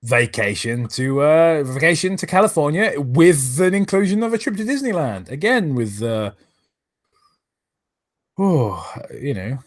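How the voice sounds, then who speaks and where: A man's voice: fairly high pitch, very animated, measured pace, no echo. Sweary, exasperated man on a live stream. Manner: thanks viewers for donations between remarks. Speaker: streamer reading and commenting live. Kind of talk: live reading commentary.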